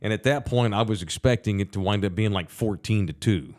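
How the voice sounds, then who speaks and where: A middle-aged Texan co-hosts a sports podcast from a bar studio, his voice fairly low and darkish, his delivery fairly quick. The talk is casual, full of rambling, profane stories.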